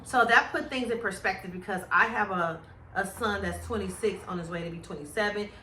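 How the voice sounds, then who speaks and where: A woman in her forties co-hosting a casual chat show, animated and expressive as she talks about her grown son. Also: brisk, recorded from a distance, a little hiss or hum. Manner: animated, acts out worried-mom questions in a higher voice. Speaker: podcast co-host. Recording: echoey room, off-mic.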